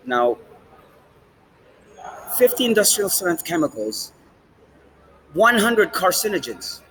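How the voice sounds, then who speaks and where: A man with a fairly high-pitched voice vlogs outside, standing with a cigar as he rambles casually, curses a lot and skips from subject to subject. The audio is rough and carries a slight hiss or hum.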